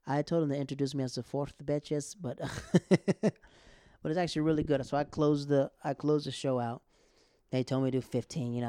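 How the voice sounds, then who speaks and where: Gravelly, lively New comic. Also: male voice, mid-range voice, no room sound, studio quality. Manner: animated, quick bursts, laughs often, acts out quotes. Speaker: stand-up comic and podcast host. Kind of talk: casual storytelling chat.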